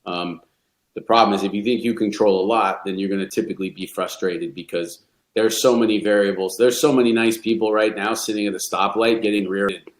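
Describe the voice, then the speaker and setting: A man's voice: on the low side, steady tone, brisk. A middle-aged man, a golf coach, speaking candidly and reflectively in a podcast interview, often restarting his sentences. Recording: roomy echo.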